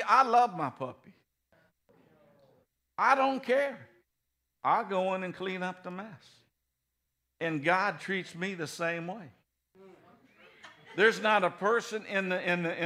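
A middle-aged man preaching a sermon in a folksy, animated way, swinging from loud bursts to soft, low passages. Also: unhurried, pauses often. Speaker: pastor.

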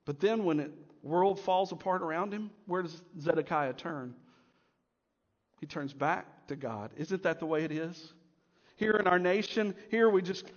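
Male pastor, very high voice, emphatic sermon delivery; dull, reverberant church sound. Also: a little slow. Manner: emphatic preaching, rising and dropping to a hush.

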